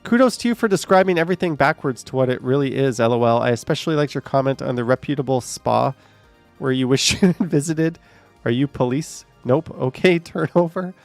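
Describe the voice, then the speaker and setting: Gravelly-voiced man chatting on a livestream. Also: mid-range voice, fairly quick, no echo, soft background music. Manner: joking, sarcastic asides with frequent laughs. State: short of breath, voice fading. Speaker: livestream host reading chat comments. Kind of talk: casual live chat.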